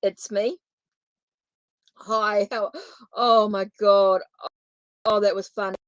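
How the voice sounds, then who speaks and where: A woman's voice: mid-range voice, level tone, takes it slowly, no room sound, muffled recording. A woman doing a live tarot reading, talking in a chatty, informal way straight to her viewers. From New Zealand. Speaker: tarot reader.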